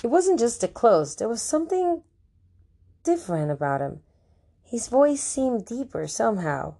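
A woman narrating an audiobook in the first person, with wry, lively storytelling. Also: a little high, measured pace, gravelly.

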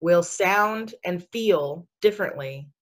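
Speaking slowly in a lowish voice, a spiritual speaker chats on a podcast about matters of the spirit. Her manner is sassy and conversational, with lots of laughter and filler words.

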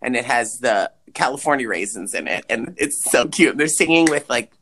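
A man co-hosting a podcast, chatting casually and swearing as he recaps a movie with big pitch swings for emphasis. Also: expressive, moderate pace, bright, forceful tone, husky. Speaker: podcast co-host.

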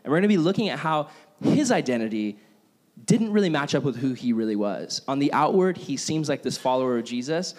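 A man's voice: mid-range voice, big pitch swings, fairly quick, darkish tone. A young man giving a casual, jokey sermon to a youth group, telling self-deprecating stories. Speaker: youth pastor.

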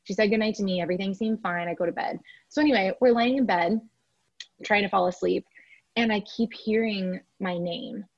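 A woman guest tells a personal story in a relaxed, chatty way, sprinkling in "like" and "you know". Her voice sits at an ordinary pitch for a woman. The recording is dry, with no room sound, and slightly dull. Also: a little fast, dry recording. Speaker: podcast guest.

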